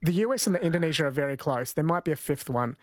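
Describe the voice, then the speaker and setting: A man's voice: on the high side, expressive, fast, no room sound, studio quality. A man from New Zealand hosting a live radio talkback show, chatting with callers and reading out listener texts. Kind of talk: casual live radio chat. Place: radio studio.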